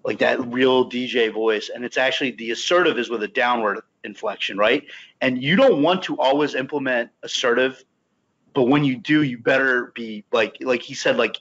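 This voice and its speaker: A man's voice: mid-range voice, a bit bright, dull audio. A man talking casually on a podcast about a book, rambling with many restarts. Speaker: podcast team member.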